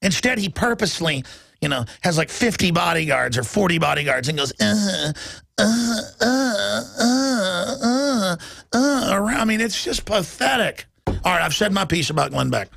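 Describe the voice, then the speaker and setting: Gravelly, ranting talk radio man. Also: fairly high pitch, big pitch swings, brisk, bright, forceful tone, no room sound. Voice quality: gravelly, raspy. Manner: combative, bellowing, mocking. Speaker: radio talk show host.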